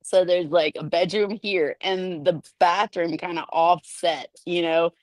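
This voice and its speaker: A middle-aged woman chatting in an animated way, laughing often and acting out quotes in a somewhat low voice. The recording is dry and close, with no room sound. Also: measured pace, dry recording. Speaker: podcast guest. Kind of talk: casual storytelling chat.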